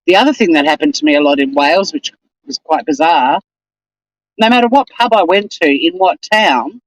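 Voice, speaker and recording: A woman's voice: low voice, animated, normal speed, no room sound, rough recording. A woman with an Australian accent, hosting a casual live stream and chatting in a rambling, exasperated way.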